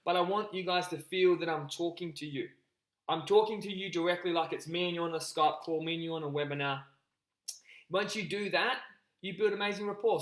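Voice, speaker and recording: A man coaching a group on a live call, energetic and repetitive, often calling his listeners guys. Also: sits high, echoey room, rough recording. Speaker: business coach.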